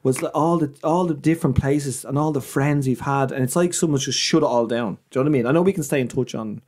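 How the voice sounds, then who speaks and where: A man's voice: medium pitch, fast talker. A man with an Irish accent, a comedian telling swearing, comic stories in casual chat. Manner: animated, swearing, comic storyteller. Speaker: comedian guest.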